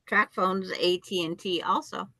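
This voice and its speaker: A woman's voice: fairly low pitch, steady tone, a little slow, bright, forceful tone, no room sound, poor audio. A woman chatting on a video call who argues her point insistently with many restarts. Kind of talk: casual chat.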